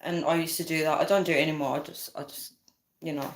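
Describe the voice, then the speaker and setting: A woman's voice: sits low, fairly even intonation, quick pace, a little hiss or hum. A young woman, hosting a casual livestream and chatting, giggling and reading viewer comments aloud. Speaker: livestream host. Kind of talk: casual live chat. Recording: echoey room.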